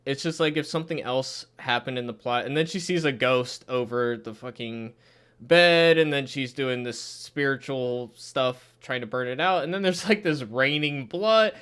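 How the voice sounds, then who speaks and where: A man's voice: medium pitch, normal speed, fairly bright tone, clean tone. Exasperated man ranting about a show. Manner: exasperated, swearing, laughing in disbelief. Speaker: show reviewer. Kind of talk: casual review commentary.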